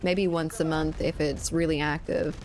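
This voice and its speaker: A woman's voice: sits low, steady tone, normal speed, a little mellow, a little hiss or hum. A woman in her twenties from South Louisiana, streaming a shooter game and chatting casually with viewers, joking and swearing often. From South Louisiana, USA. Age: 20s. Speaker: gaming streamer. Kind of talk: casual chat while playing a shooter and reading chat. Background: faint game gunfire.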